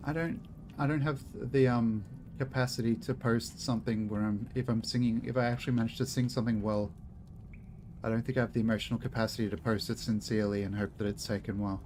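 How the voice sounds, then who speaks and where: A man's voice: fairly low pitch, a little mellow. A man streaming a video game, chatting casually to his viewers with a scratchy throat, rambling and poking fun at himself. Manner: rambling, self-deprecating, talks to himself. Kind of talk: casual gameplay chat to viewers.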